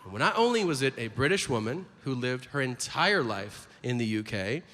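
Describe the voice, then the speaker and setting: A man's voice: medium pitch, sing-song, normal speed, fairly bright tone. A man doing a crude, mock-indignant stand-up comedy set. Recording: live stand-up in a big hall with noise.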